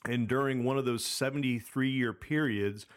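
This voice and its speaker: A man's voice: medium pitch, moderate pace. A man in his thirties telling a long personal story in casual chat, rambling with many fillers and restarts. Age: 30s. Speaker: podcast co-host.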